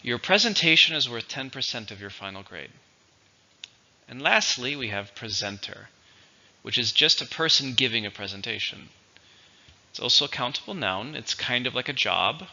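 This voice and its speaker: A man teaching English vocabulary in a slow, deliberate lesson, spelling out syllables and stress. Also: medium pitch, animated, creaky, bright, forceful tone, muffled recording. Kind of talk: recorded vocabulary lesson and dictation.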